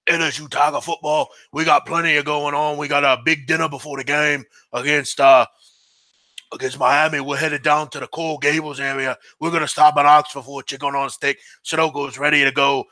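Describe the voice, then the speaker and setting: A man putting on a rambling, hoarse, folksy older football coach. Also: a little high, little pitch movement, brisk, bright, forceful tone, no echo. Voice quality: hoarse, gravelly. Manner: rambling, rough-edged, folksy.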